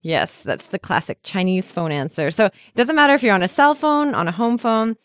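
A woman's voice: medium pitch, big pitch swings, fairly quick, smooth, no echo, clean studio sound. A woman co-hosting a language lesson, chatty and explaining patiently with frequent laughs. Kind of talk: casual podcast lesson.

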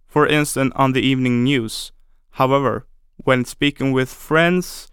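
A man teaching a scripted language lesson, speaking slowly and deliberately and repeating words syllable by syllable for pronunciation drills. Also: medium pitch, a bit bright, clean tone, dry recording, studio quality.

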